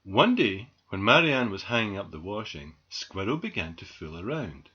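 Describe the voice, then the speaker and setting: A man reading a children's story aloud with very expressive storytelling. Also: on the low side, normal speed, husky. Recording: dull lo-fi recording.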